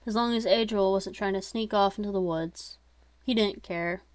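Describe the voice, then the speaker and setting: Woman author reading her own tale, plain pitch, dry close sound, slips into chatty asides. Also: normal speed, no echo. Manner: plain steady reading broken by chatty self-mocking asides. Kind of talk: informal story reading.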